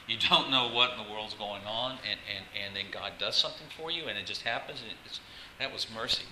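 Male pastor, low-pitched and bright, conversational sermon with repeats, echoey church room. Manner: casual and halting, repeats words, laughs often. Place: church sanctuary. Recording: echoey room, faint ambient noise.

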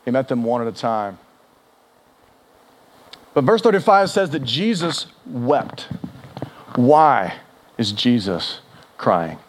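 A man preaching a sermon, animated and conversational, acting out quoted speech with big swings in pitch and volume. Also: slow pace, pauses often. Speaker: pastor.

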